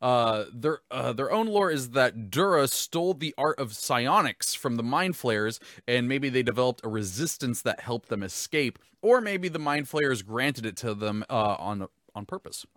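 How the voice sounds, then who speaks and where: Giggly American host, lively bright voice. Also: male voice, mid-range voice, moderate pace, few pauses, no room sound, studio quality. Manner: laughs often, stumbles and repeats words. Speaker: host reading chat questions. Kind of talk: casual livestream chat.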